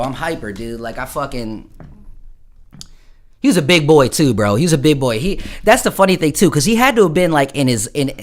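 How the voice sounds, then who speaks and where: A man from Florida, a musician chatting live with viewers, telling stories in a rambling, profane way. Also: medium pitch. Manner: rambling, profane storytelling, full of "bro". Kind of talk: casual livestream chat.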